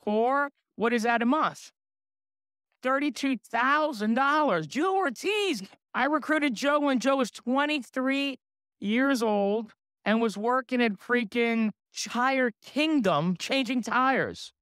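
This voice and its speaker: Clear-voiced boastful male sales trainer. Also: very high voice, takes it slowly, no room sound, clean studio sound. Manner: boastful, energetic, asks the crowd questions. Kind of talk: motivational seminar talk to an audience.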